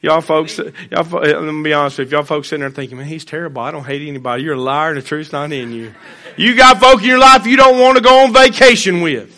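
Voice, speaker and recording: High, bright-voiced preacher. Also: male voice, animated, fast talker. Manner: folksy, blunt preaching with joking asides. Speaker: pastor. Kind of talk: sermon. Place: church.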